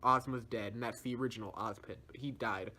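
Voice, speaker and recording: A man's voice: medium pitch, steady tone, brisk, bright, forceful tone. A young man reviewer giving a casual, slangy story recap, laughing often as he tells it. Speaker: video reviewer.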